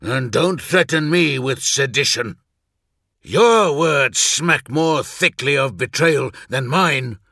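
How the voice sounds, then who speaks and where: A man's voice: mid-range voice, animated, slow pace, vocal fry, bright, forceful tone, no room sound, studio quality, pitched above the performer's own voice, heavily acted. Man playing a grim, blunt warrior huntsman.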